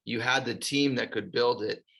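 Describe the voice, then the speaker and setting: A man's voice: medium pitch, moderate pace, creaky, a bit bright. A man hosting an interview, reflecting on the answers in an encouraging way and asking long questions. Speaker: interviewer, host.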